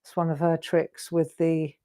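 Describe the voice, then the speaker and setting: A woman's voice: low voice, little pitch movement, unhurried, mellow. Chatty woman hosting a craft demo. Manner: chatty, encouraging, asks viewers questions. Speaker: craft show host. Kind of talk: live craft demonstration.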